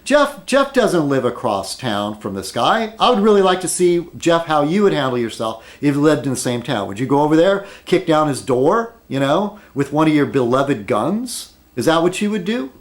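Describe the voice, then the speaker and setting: A man's voice: a little high, sing-song, normal speed, few pauses. A man rambling at his desk in an opinion video blog, arguing with many rhetorical questions and fillers. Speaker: video blogger.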